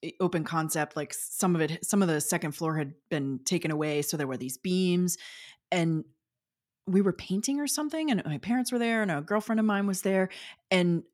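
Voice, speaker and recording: A woman in her forties with a fairly low, slightly mellow voice and lively intonation talks a little fast. As an interview guest she tells personal stories in a relaxed, chatty style, laughing frequently and filling pauses often.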